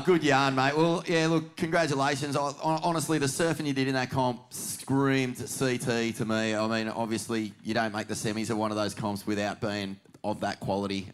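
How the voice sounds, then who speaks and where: A middle-aged Australian man hosting a podcast, blokey and joking, swearing freely. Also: mid-range voice. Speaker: podcast host. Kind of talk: casual podcast chat.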